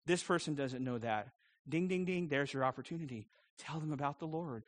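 A man's voice: a little high, a little fast, dry recording. A man preaching a sermon as pastor, earnest, posing many rhetorical questions and chuckling often.

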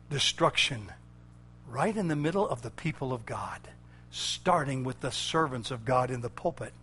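A man preaching an impassioned sermon, swinging from loud shouted declarations to low, intense warnings with a repetitive, emphatic cadence. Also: slight background noise.

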